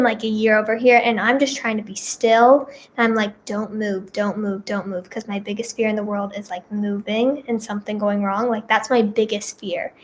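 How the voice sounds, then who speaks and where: A woman's voice: fairly high pitch, slight background noise. Young female vlogger with a slightly raised voice, rambling casually through a story told to camera. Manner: rambling, repeats herself, lots of "like".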